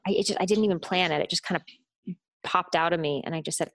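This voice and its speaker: A woman in her late thirties, a guest telling a personal story with lively energy and acting out other people's voices. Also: fairly low pitch, fast talker. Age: late 30s.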